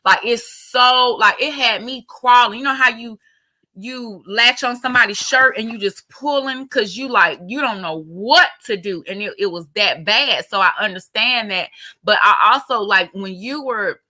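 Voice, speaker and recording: A woman's voice: fairly high pitch, normal speed, pushed and bright. A woman co-hosting a podcast in a casual chat, talking freely with many fillers. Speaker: podcast co-host.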